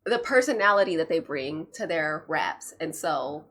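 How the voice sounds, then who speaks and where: A woman's voice: low-pitched, animated, moderate pace, fairly bright tone, breathy edge. A woman hosting a reaction video, chatting casually and checking her notes, with frequent restarts. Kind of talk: casual commentary.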